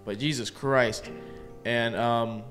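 A young man from the Midwest telling a rambling, animated story in casual chat, laughing as he goes. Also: mid-range voice, slow pace, in a large hall, faint music behind. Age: young adult.

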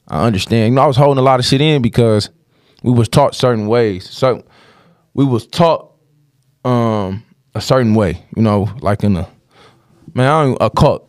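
A man's voice: fairly low pitch, darkish tone, no room sound, clean studio sound. A man candidly telling a rambling personal story in casual podcast talk, with plenty of cursing.

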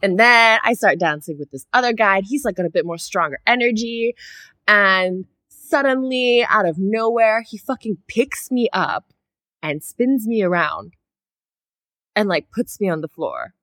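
A woman co-hosting a podcast, telling a story in casual chat, animated, swearing freely and acting out her own reactions. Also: mid-range voice, unhurried, no room sound, clean studio sound. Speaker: podcast co-host.

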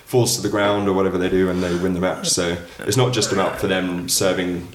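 Deep-voiced man in an echoey room. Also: fairly quick, a loud crowd. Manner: relaxed, hedging, lots of "like" and "kind of". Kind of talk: casual chat.

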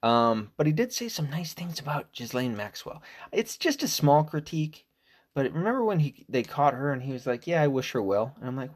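A man in his forties from the United States, hosting a casual solo podcast, rambling and swearing, sometimes bursting into loud mocking voices. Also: fairly high pitch, very animated, a little fast. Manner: rambling, profane, jumps to loud mocking quotes. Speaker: podcast host.

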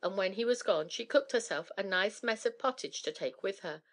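A woman narrating an old fairy tale in a steady, measured reading voice. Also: mid-range voice. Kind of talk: storybook reading.

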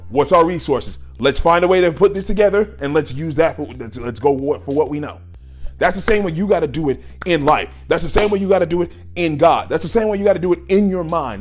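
Animated man preaching with faint music. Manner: exhorting, swings from low talk to shouting. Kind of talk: preaching a sermon.

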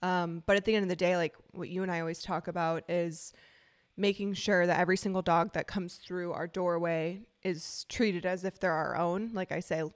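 A woman's voice: fairly low pitch, fairly even intonation, normal speed. Chatty woman dog trainer, frank talk. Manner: chatty, frank, with many fillers. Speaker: podcast co-host and dog trainer. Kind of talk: casual podcast chat.

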